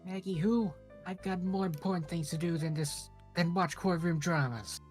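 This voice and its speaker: A woman's voice: fairly low pitch, moderate pace, darkish tone, soft background music, natural voice. A woman doing Furio Tigre, a growling Brooklyn thug. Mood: scornful. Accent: put-on Brooklyn. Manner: snarling, tough-guy bluster. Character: gruff male street thug, hot-tempered and threatening. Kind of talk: live fan dub of a game.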